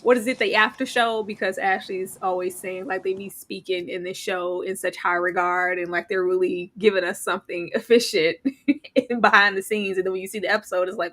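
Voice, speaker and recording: A woman hosting a casual TV recap chat, animated and laughing, acting out quoted lines. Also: medium pitch, fairly quick. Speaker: host of a TV recap show.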